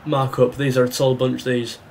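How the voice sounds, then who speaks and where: A man's voice: medium pitch, flat delivery, moderate pace, darkish tone. A man giving live commentary over his own football video game match, reacting and complaining as he plays. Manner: reactive, exasperated, talks to the game. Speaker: gaming YouTuber.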